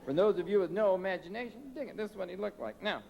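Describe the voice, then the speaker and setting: Brash high-voiced stand-up comedian, live. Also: male voice, expressive, fast, gravelly. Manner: brash, profane, heckler-scolding rants. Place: concert stage before a live audience. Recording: live concert recording with audience noise.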